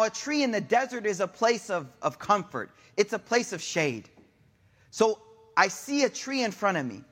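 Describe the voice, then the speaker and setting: High-voiced man preaching casually. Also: fairly bright tone. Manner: casual retelling with everyday asides; mixes in Arabic honorifics and quotes. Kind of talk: sermon storytelling.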